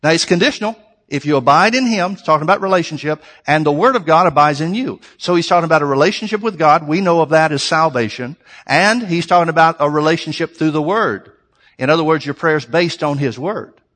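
A pastor preaching in a church sanctuary, his voice sitting a little high for a man. He talks in an earnest, conversational way and builds emphasis through repetition. A long reverb trails each phrase through the large hall. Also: brisk, a bit bright. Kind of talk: sermon.

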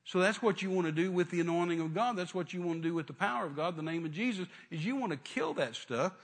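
A man's voice: high-pitched, fast. A middle-aged male preacher telling a story in a sermon, fervent and full of restarts and trailing "and, uh" fillers.

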